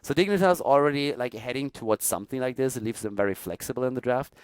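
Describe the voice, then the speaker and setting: A man commentating an esports replay, breaking down team picks in an analytical, animated way with casual fillers. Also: mid-range voice, quick pace, clean tone, no room sound.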